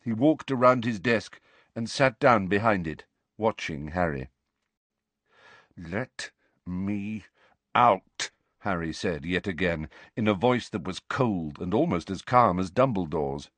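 Male audiobook narrator; dramatic, animated reading, dry booth sound. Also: low-pitched, normal speed, dry recording. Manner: dramatic, varied delivery.

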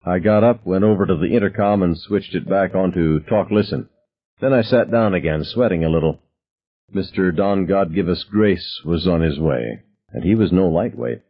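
Deep, husky male audiobook narrator. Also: normal speed, muffled recording. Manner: expressive first-person storytelling.

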